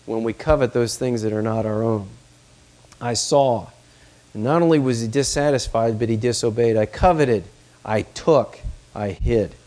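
A man's voice: mid-range voice, a little mellow. A man preaching a sermon, reading scripture aloud and pressing his points with emphasis. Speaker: pastor.

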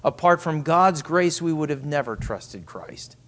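A man preaching a sermon as pastor, emphatic and repetitive, sometimes dropping to soft asides. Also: fairly high pitch, expressive, measured pace.

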